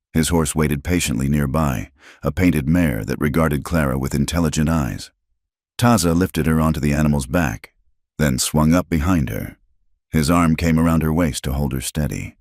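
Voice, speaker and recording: A man reading a frontier story as scripted narration in a slow, measured way. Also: very deep voice, a little mellow, dry recording, clean studio sound.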